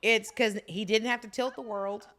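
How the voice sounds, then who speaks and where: A woman co-hosting a podcast in casual chat, chatty with playful asides and quick reactions. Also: a little high, steady tone, fairly bright tone. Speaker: podcast co-host.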